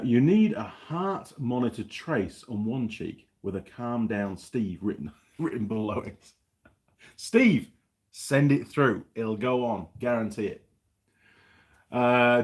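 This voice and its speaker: A man hosting a casual livestream, rambling as he reads out viewer comments and tells a story. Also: fairly low pitch. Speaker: livestream host. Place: New Zealand.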